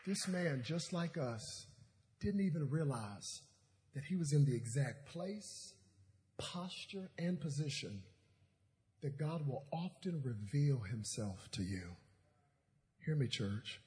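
A man's voice: a little high, lively intonation, slow pace, pauses often, darkish tone. A male pastor in his thirties preaching a sermon in a church auditorium, telling comedic stories with call-and-response.

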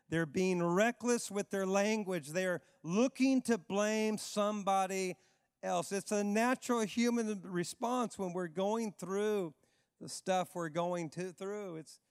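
A male pastor preaching a sermon in an emphatic way, repeating phrases and dropping low for stress. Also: creaky, no room sound, clean studio sound, big-room sound.

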